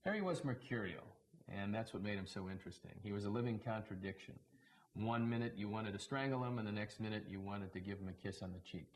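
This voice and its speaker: Low-voiced man spinning a story. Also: quick pace, low-quality recording. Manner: relaxed raconteur, briefly mimics others in quotes. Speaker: former baseball broadcaster. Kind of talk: anecdotal storytelling.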